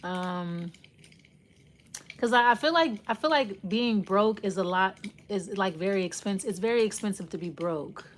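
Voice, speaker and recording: A woman's voice: medium pitch, moderate pace. A woman giving a casual tarot reading, rambling and intuitive, often trailing off and starting her thoughts over. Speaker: tarot reader.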